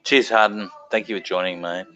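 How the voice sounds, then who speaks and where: A man's voice: lowish voice, fairly even intonation, fairly quick, sharp tone. A man co-hosting a casual livestream, chiming in with laid-back, joking asides.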